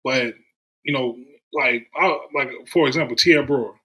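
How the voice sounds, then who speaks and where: Bright-voiced man telling sports stories. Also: mid-range voice, normal speed, breathy edge, rough recording. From Durham, North Carolina. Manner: animated storyteller, acts out quoted voices. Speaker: podcast guest. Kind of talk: casual storytelling chat.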